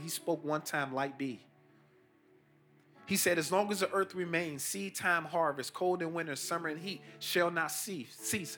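A middle-aged pastor preaches with a fairly high voice that climbs sharply on key points. He mixes loose street slang into his sermon, and faint music plays behind him. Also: pushed and bright. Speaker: pastor, team chaplain.

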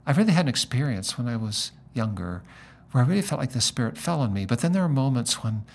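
A man's voice: mid-range voice, sing-song, fast, creaky, darkish tone. A middle-aged male pastor talking about faith and telling a personal story, acting out the voices of people he quotes.

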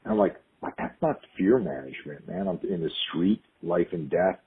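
A middle-aged man, a self-defense instructor and podcast guest, telling stories in an animated way, acting out the quotes and restarting his sentences often. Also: low-pitched, moderate pace, husky, narrow, tinny audio. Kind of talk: conversational storytelling.

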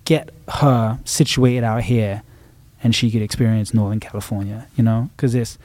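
A man's voice: on the low side, fairly even intonation, moderate pace, darkish tone, no room sound. A man, a musician guest, talking reflectively in a casual interview, rambling with frequent restarts.

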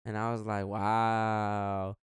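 A young man rambles through a story in a casual chat, slipping in slang and acting out each back-and-forth. His voice sounds smooth and clear at a middle pitch. The sound is close and dry. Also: fairly even intonation, brisk, a little mellow, dry recording. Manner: rambling, slangy, acts out quotes.

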